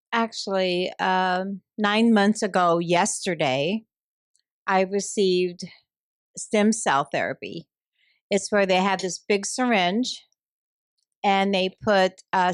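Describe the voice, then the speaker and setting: A middle-aged woman, a guest co-host in a casual chat who speaks in a gentle, motherly way. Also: medium pitch, smooth, dry recording, studio quality.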